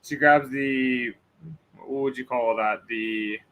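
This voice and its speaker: A man's voice: mid-range voice, fairly even intonation, takes it slowly, fairly bright tone. A man co-hosting a casual review chat, chuckling and trailing off as he mimics lines. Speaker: podcast co-host.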